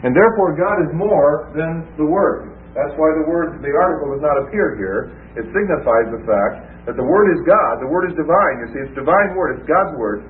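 A man giving a Bible teaching sermon, explaining slowly and often restarting and repeating his phrases, heard through a tinny lo-fi radio broadcast. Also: fairly high pitch, animated, a little hiss or hum. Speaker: preacher.

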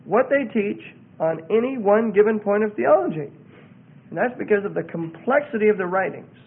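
A man preaching in a sermon-style talk, emphatic and given to repeating words for effect. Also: sits high. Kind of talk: sermon-style teaching on a religious group. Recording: tinny phone-like audio.

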